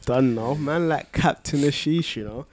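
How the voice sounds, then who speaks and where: A man's voice: medium pitch, moderate pace, a little mellow. A man co-hosting a podcast in a casual chat, teasing his friend and dropping slang like fam and bruh. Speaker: podcast co-host.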